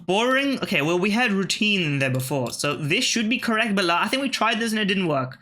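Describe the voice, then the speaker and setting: A man's voice: high-pitched, sing-song, brisk, pushed and bright. A man, thinking aloud and swearing casually as he gives let's-play commentary on word puzzles. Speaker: gaming channel host.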